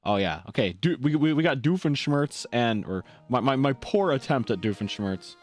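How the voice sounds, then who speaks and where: Chatty male streamer, lively. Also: medium pitch, normal speed, hardly any pauses, no echo, clean studio sound. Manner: chatty, self-deprecating, restarts often. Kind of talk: casual gaming commentary.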